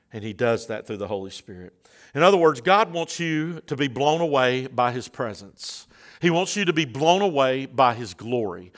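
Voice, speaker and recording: A middle-aged man preaching a sermon in a church, folksy and joking with the congregation before building into loud, fervent preaching. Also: medium pitch. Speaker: pastor.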